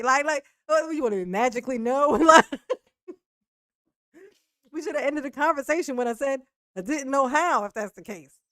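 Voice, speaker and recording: A woman's voice: high-pitched, normal speed, a bit bright, no room sound, studio quality. A woman giving blunt, profane reaction commentary, laughing often. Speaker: commentary host reacting to a clip.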